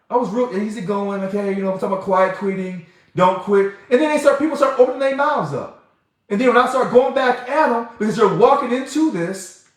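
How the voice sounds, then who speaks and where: A man hosting a livestream and answering viewer comments in an emphatic, heated way. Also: extremely high pitch. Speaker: livestream host. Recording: very echoey room.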